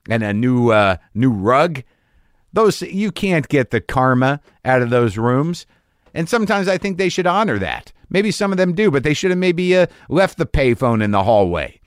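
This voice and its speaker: A man's voice: mid-range voice, no room sound, studio quality. Rambling, profane man hosting a podcast. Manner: rambling, self-deprecating, profane. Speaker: podcast host. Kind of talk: casual comic monologue.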